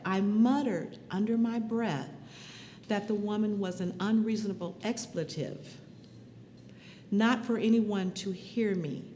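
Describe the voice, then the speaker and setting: A woman tells her own story slowly and deliberately, weighing each phrase. Her measured, earnest delivery rings out with a long hall reverb trailing behind it. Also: medium pitch, a little hiss or hum. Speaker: survivor recounting her own experience. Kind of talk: personal testimony.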